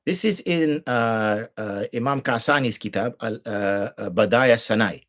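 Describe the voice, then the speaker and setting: A medium-pitched, slightly bright male voice, a little slow, comes from a middle-aged Islamic jurist. He teaches prayer rules on a live program, using rhetorical questions and imitating the people he's correcting.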